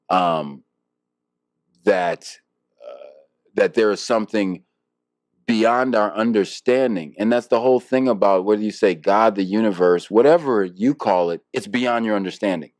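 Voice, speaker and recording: A man's voice: lowish voice, unhurried, a little mellow, no echo, studio quality. A man, a harpist guest in an interview, talking casually and reflectively with many fillers and restarts.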